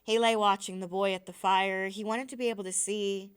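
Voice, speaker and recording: A woman teacher reading a novel aloud in a measured, even narration. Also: medium pitch, clean tone.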